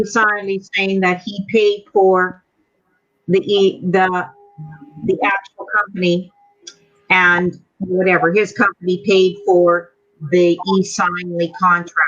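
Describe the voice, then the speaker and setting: A woman's voice: mid-range voice, flat delivery, takes it slowly, a bit bright. A woman from Canada speaking to a group meeting, angry and accusing, firing off rhetorical questions. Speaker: member addressing a group meeting. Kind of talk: heated speech to a meeting. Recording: dull lo-fi audio.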